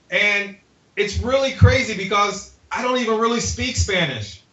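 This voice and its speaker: A man's voice: high voice, normal speed, a bit bright. A man performing a playful, self-mocking stand-up comedy set in a home garage, chatting loosely with a few people around him. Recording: echoey garage, lo-fi live stream audio.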